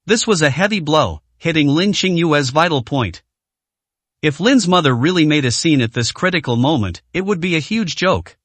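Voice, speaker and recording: A man's voice: a little high, moderate pace, no echo. Man reading a story, dry close sound. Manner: steady reading with occasional slips. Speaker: narrator. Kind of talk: storybook narration of a translated web novel.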